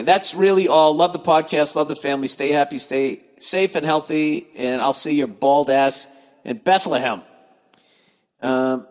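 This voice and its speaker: Podcast guy reading emails and going off, swears a lot, kinda high voice, long reverb tail on it. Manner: profane, exasperated, sarcastic. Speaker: podcast host. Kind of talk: reading listener emails and ranting comedically.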